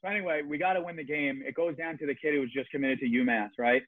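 A man's voice: a little high, steady tone, quick pace, no room sound, phone-quality sound. A young man, a guest on a casual podcast, telling a long, rambling, profane story about junior hockey.

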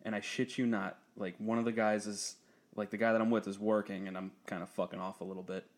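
A young man in easy, casual chat, telling a long story with plenty of swearing. He laughs often and gets animated when he quotes other people, and his voice leaps upward. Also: fairly low pitch, fast talker.

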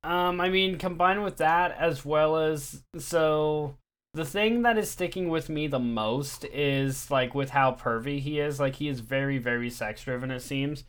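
A man's voice: a little high, measured pace, fairly bright tone, smooth. A man in casual chat, making short wry remarks as a co-host.

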